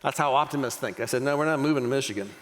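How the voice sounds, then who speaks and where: A man's voice: mid-range voice, very fast, a little hiss or hum. A middle-aged man giving a keynote talk, telling a family story and acting out the voices he quotes. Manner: animated, acts out quoted voices. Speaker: motivational speaker. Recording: long hall reverb.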